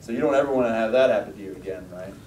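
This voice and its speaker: A man with a mellow, relaxed tone preaches a sermon as easy conversation, often turning questions back to the people listening. His voice sits far from the mic in a roomy space, with a faint low rumble behind it. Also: racing. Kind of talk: sermon with a personal story.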